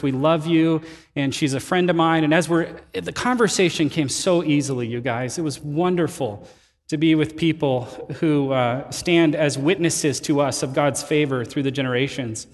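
A man preaching with a fairly high voice, telling his stories in a relaxed, chatty way and often poking fun at himself. His voice rings out with a long reverb tail, like a large hall. He sounds like a pastor talking to his congregation. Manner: conversational storytelling, animated and self-deprecating. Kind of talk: sermon.

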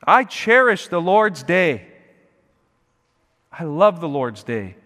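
A man preaching a sermon, earnest, swelling louder and slower on key phrases. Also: fairly high pitch, very animated, big-room sound. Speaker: pastor. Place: church sanctuary.

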